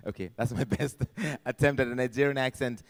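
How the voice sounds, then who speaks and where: A man's voice: medium pitch, fairly even intonation, normal speed, smooth. A man hosting a live event, upbeat and rallying the audience. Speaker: event host.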